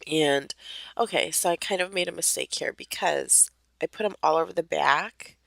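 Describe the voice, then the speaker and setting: Young female crafter narrating at home; a gravelly, allergy-worn voice, laid-back and rambling, recorded dry. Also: low voice, moderate pace, a bit bright, dry recording. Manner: rambling, many fillers, light laughs. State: voice a bit off from allergies. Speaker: crafter narrating her process video. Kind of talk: casual voice-over narration.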